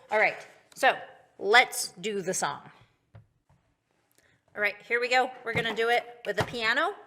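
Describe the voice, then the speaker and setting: High-voiced woman teaching kids music. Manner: patient, slow, sing-song, bright and encouraging toward kids. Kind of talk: children's music lesson.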